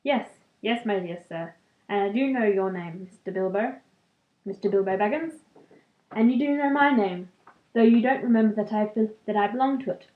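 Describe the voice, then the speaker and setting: A woman reading aloud as a wry, persistent old male wizard, her voice slightly lowered and stumbling now and then. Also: normal speed, echoey room, phone-quality sound, close to an everyday voice.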